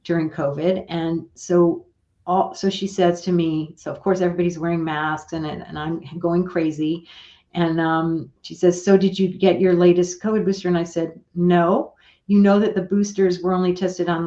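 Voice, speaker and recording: A woman's voice: on the low side, normal speed. Chatty older woman, lo-fi sound. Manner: chatty, animated retelling with quoted dialogue. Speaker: guest. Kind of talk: casual storytelling on a talk show. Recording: dull lo-fi remote audio.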